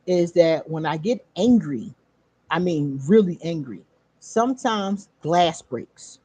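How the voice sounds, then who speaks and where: A woman hosting her own channel, casually telling a story straight to her viewers, animated, laughing often and swearing freely. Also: fairly low pitch, takes it slowly, husky, dry recording. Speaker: channel host.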